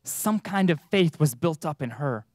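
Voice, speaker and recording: A man preaching a sermon in church, earnest, with emphatic rises and slow stressed words. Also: fairly high pitch, lively intonation, a little mellow, no room sound, studio quality.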